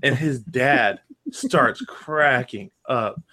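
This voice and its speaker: Male podcast host, mid-range pitch, animated casual storyteller. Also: drawn-out words. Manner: animated storyteller, laughs often.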